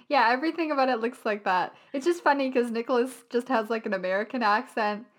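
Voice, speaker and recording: A woman's voice: a little high, a little fast. A young woman in casual chat, giggly and rambling with lots of fillers.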